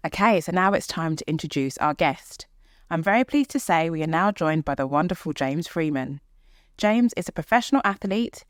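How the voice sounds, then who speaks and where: Woman co-host reading the guest intro, kinda low voice, upbeat, dry sound. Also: lively intonation, moderate pace, no echo. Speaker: podcast co-host.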